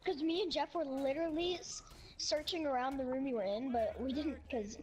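A young woman talks excitedly over a gaming voice call in a high voice. She chats quickly with her teammates and swears casually. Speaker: gamer on voice chat.

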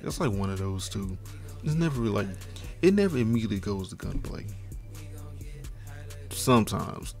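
A man's voice: lowish voice, expressive, moderate pace, gravelly, pauses often, darkish tone. A stoned man ranting casually, rambling and profane, with frequent laughs. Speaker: vlogger. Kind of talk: casual rant. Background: faint background music.

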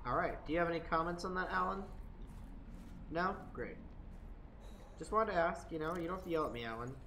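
Casting: a chatty gaming streamer, mid-pitched, casual and profane, with faint background noise. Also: expressive, brisk, long pauses, a bit bright. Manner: chatty, swears often, jokey asides.

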